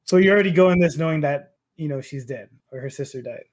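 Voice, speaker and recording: A man recapping a film for his podcast co-hosts in loose, profane chat, full of fillers and restarts. His voice sits fairly high. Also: quick pace. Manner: rambling, profane, lots of fillers. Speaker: podcast host. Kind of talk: casual movie recap chat.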